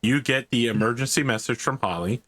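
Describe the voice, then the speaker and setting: A man's voice: medium pitch, brisk, fairly bright tone. A man narrating as game master of a tabletop role-playing game, with wry humor.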